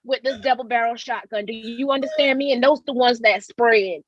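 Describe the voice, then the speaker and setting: A woman with a high, girlish voice, animatedly telling a personal story as a talk show guest and acting out what people said. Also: normal speed, muffled recording. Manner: animated, acts out quotes in voices. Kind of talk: candid storytelling.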